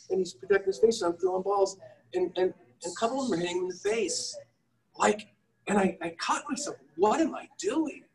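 Here a middle-aged man, an entrepreneur and a dad, pokes fun at himself while telling frank stories in a conversation. His voice is high-pitched, recorded from afar on low-quality equipment, and he gets animated, repeating his own words loudly.

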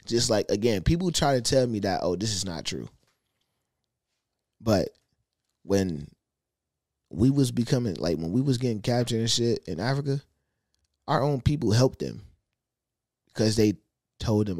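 A man's voice: fairly low pitch, normal speed, long pauses, dry recording, clean studio sound. A man co-hosting a casual podcast chat, arguing his point with energy and acting out quoted voices. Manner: animated, argumentative, acts out quoted speech. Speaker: podcast co-host.

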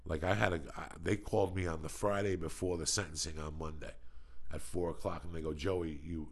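A podcast host tells stories in casual chat, blunt and profane in style. His low male voice keeps a fairly even intonation and moves a little fast.

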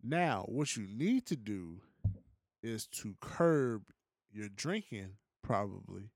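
A man co-hosting a podcast, giving his opinions in a relaxed, slangy, casual chat. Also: lowish voice, takes it slowly, vocal fry, dry recording, clean studio sound. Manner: laid-back, opinionated, slangy. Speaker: podcast co-host.

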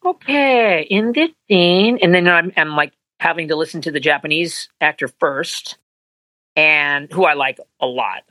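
A man being interviewed as a voice actor, telling animated anecdotes and acting out quotes in higher voices. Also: dry recording, rough recording. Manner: animated storyteller, acts out quotes in high voices. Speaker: voice actor guest.

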